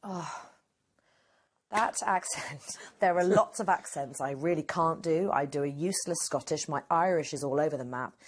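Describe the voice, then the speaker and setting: A woman in her forties chatting candidly in an interview. Her voice sits low, and she answers openly, laughing easily between thoughts. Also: brisk, hardly any pauses, a little hiss or hum. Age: 40s. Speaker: actress interview guest. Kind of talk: casual interview.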